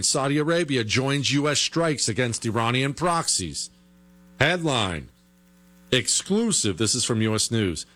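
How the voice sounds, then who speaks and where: An American man hosting an opinionated political talk show, animated and rhetorical, with mocking asides. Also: medium pitch.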